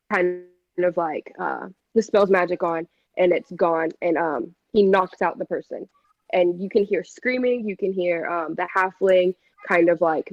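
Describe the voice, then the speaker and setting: A woman's voice: lowish voice, dry recording, lo-fi sound. A woman acting as game master, narrating a tabletop game with many hesitant fillers.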